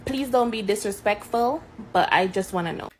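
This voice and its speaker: A woman's voice: mid-range voice, normal speed. Woman asking pointed questions into her phone, mid voice, faint background noise. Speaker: social media creator. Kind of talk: questions to camera.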